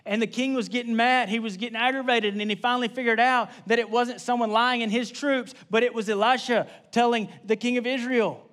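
Man, young adult, pastor, high voice, casual repetitive sermon. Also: steady tone, brisk, hardly any pauses, fairly bright tone. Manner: casual, repetitive preaching with conversational asides.

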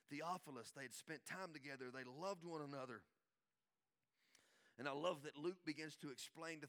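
A pastor preaching a sermon, retelling scripture in an animated, emphatic storytelling way. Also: male voice, on the high side.

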